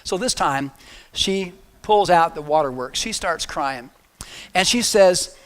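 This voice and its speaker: High-voiced joking preacher. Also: male voice, animated, slow, fairly bright tone. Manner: casual, joking storytelling. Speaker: pastor. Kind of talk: sermon.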